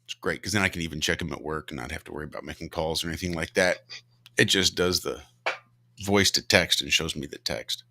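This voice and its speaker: Deep, bright-toned man in slow casual chat. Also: dry recording. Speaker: podcast co-host.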